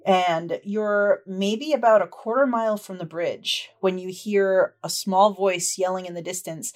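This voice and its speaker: A woman running a tabletop game as game master, describing scenes in a relaxed, chatty way with frequent fillers. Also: mid-range voice, a little slow, hardly any pauses.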